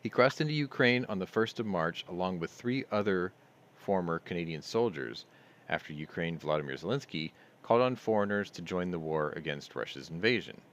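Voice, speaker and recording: A man's voice: low voice, expressive, fairly quick, a bit bright, highs cut off. A man hosting a casual livestream, reading news headlines aloud and riffing on them with sardonic asides. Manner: sardonic, reads headlines then riffs on them.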